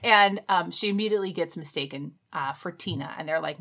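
A woman's voice: lowish voice, a little fast, fairly bright tone. A woman co-hosting a podcast, recapping a book in loose casual chat, rambling and correcting herself as she goes. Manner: rambling, self-correcting, chatty. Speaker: podcast co-host.

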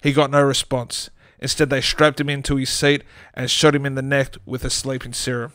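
A man's voice: medium pitch, flat delivery, normal speed, fairly bright tone, no room sound. A man with an australian accent reads a silly crime story aloud for a podcast, his voice sitting in the middle of the range and recorded close and dry with no room sound. he keeps cracking himself up as he goes. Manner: reads with frequent laughter breaking through. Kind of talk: reading a comic short story aloud.

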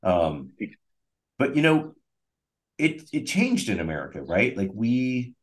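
A man's voice: mid-range voice, big pitch swings, slow pace. A man hosting a podcast in casual chat, rambling with many fillers and jokes. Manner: rambling, hesitant, jokey. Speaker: podcast host.

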